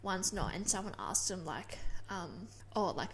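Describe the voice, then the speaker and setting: A woman co-hosting a book podcast, chatting in a relaxed, filler-heavy way. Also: lowish voice, unhurried, a little hiss or hum. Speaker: podcast co-host. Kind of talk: casual book-review chat.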